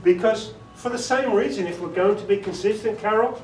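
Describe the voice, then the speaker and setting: A man's voice: sits high, fairly quick, darkish tone. A middle-aged Englishman, a voiceover artist, telling jokey stories and answering questions at a meeting. His manner is chatty and he laughs often. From England. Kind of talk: storytelling talk with audience questions. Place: meeting room with an audience. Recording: roomy distant recording with background noise.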